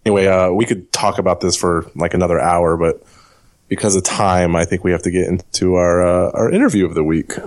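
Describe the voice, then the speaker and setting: A man's voice: sits low, fairly even intonation, brisk, darkish tone. A man co-hosting a podcast, talking loosely with lots of fillers. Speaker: podcast co-host. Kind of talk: casual podcast chat.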